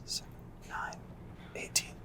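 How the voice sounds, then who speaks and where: A man's voice: measured pace, bright, forceful tone, in a whisper. A man from Canada hosting a casual interview, playful and teasing as he quizzes his guest. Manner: playful, teasing, quiz-style questions. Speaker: host.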